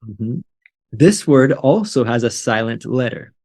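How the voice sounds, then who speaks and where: A man's voice: medium pitch, expressive, unhurried, darkish tone, husky. A man from the United States hosting an English-learning interview, speaking in an encouraging way and modeling pronunciation. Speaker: interview host, English teacher. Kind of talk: casual interview.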